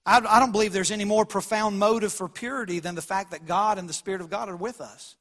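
A man preaching a sermon as pastor, swinging from quiet lows to loud emphatic peaks. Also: fast talker. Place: church sanctuary.

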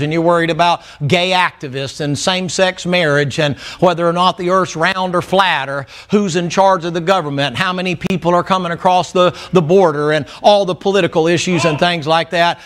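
A man's voice: fairly high pitch, a bit bright. A middle-aged man preaching a sermon in church, blunt and folksy, telling stories. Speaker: pastor.

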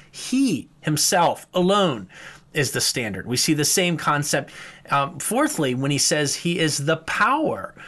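A man preaching a morning devotional sermon, teaching steadily and slowing down to read scripture aloud. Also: fairly high pitch, sharp tone.

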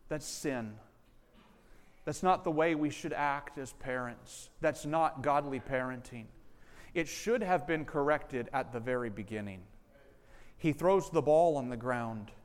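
A male pastor preaching a sermon, animated and acting out family members' lines. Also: medium pitch, a little slow, in a large hall. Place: church sanctuary.

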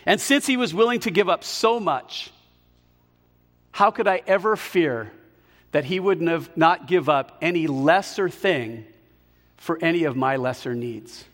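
A man preaching a sermon, emphatic and slowing down on key words, in a large hall. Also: fairly high pitch, expressive, fairly bright tone. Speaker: pastor.

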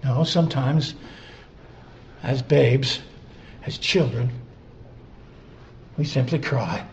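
A man preaching a sermon, repeating scripture phrases and building from quiet, drawn-out lines to loud emphatic peaks. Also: medium pitch, dull audio, a little hiss or hum.

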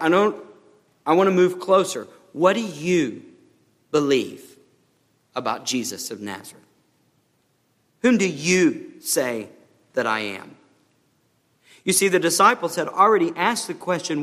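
Man preaching with emphasis, high bright voice, church hall echo. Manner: emphatic preaching with rising and falling pitch. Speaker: pastor. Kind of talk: sermon. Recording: long reverb of a hall.

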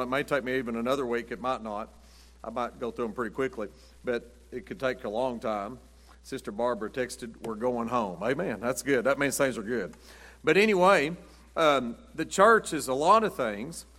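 A man's voice: on the high side, fairly bright tone. A man, preaching a folksy Wednesday night sermon as pastor, chuckling as he tells down-home stories. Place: church sanctuary. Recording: church sanctuary with long reverb.

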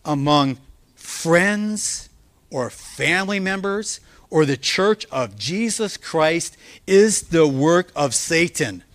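A male pastor preaching a sermon, earnest and emphatic, slowing down to stress key words. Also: on the high side, a bit bright, dry recording. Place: church.

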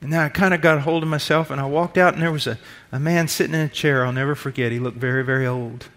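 A middle-aged male preacher giving a sermon, shifting between loud, slow emphatic preaching and quiet personal storytelling. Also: fairly high pitch, steady tone.

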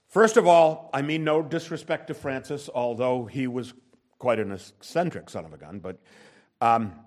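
A man preaching a sermon, emphatic, with wide swings between loud and soft and frequent rhetorical questions to the congregation. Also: mid-range voice. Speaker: pastor.

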